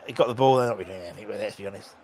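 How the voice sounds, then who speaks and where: A man's voice: fairly low pitch, very fast, darkish tone, a little hiss or hum. Chatty man hosting a match watchalong. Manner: chatty, jokey, banter with viewers. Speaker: host of a live match watchalong. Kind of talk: casual live commentary and chat reading.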